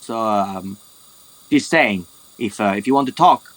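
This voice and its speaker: A man's voice: lowish voice, expressive, a little slow, fairly bright tone, no echo, rough recording. A man voicing a polite, hesitant woman who keeps stopping with ums as she asks a dwarf for a private word. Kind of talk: tabletop role-play over a voice call.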